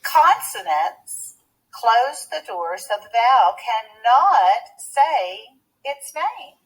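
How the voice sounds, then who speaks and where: A woman teaching a phonics lesson to young children, speaking slowly and clearly with a deliberate teacher's manner. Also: a little high, very animated, a bit bright, poor audio.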